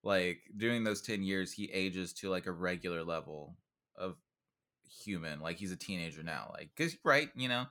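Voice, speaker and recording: A man's voice: deep voice, expressive, moderate pace, bright, forceful tone. A man co-hosting a podcast, rambling in casual chat with crude jokes. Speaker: podcast co-host.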